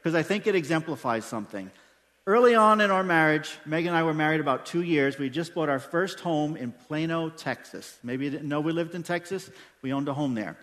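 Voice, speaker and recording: A pastor delivers an emphatic sermon, throwing rhetorical questions at his congregation. His voice sits high for a man. The sound carries the long reverb of a church hall. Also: fairly quick, fairly bright tone. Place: church sanctuary during a service.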